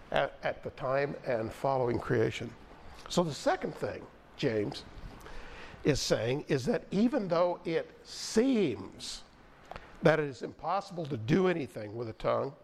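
Measured male preacher reading scripture. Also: on the high side, a little hiss or hum. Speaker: pastor. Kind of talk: sermon.

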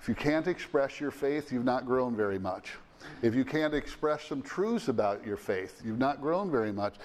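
A middle-aged or older man preaching a sermon in an earnest manner, with fillers and restarts, his voice rising to stress key phrases. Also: fairly high pitch.

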